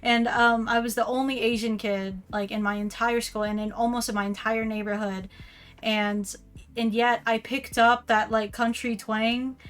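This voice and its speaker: A woman's voice: on the high side, flat delivery, moderate pace, a bit bright, clean tone. An American woman chatting casually as a guest, giggling often and using lots of fillers. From United States. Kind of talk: casual chat.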